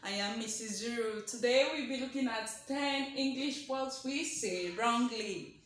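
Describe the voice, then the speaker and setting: A woman's voice: a little high, measured pace, a bit bright. A Nigerian woman teaching an English lesson on video, emphatic, drilling each point and checking in with "okay?" after it. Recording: very echoey room.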